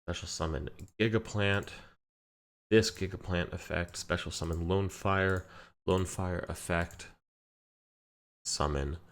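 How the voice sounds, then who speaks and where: A man casually commenting on his card game while telling a relaxed story, walking through each play step by step. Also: sits low. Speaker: card game player and channel host. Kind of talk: casual commentary over gameplay.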